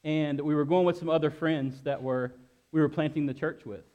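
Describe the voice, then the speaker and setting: A middle-aged man preaching a sermon, sharing a personal testimony in an earnest way, often halting and repeating himself. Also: a little high, steady tone, highs cut off. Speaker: pastor.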